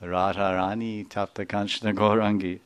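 A man's voice: on the low side, little pitch movement, normal speed, smooth, lo-fi sound. A man giving a sermon, telling a devotional story and explaining its terms. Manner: explains terms, laughs, acts out figures.

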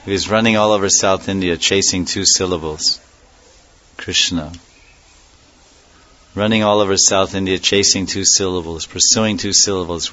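A man's voice: sits low, steady tone, normal speed, pushed and bright. A man giving a devotional lecture in a reflective way, repeating key words and chuckling now and then. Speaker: spiritual teacher. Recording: dull lo-fi recording.

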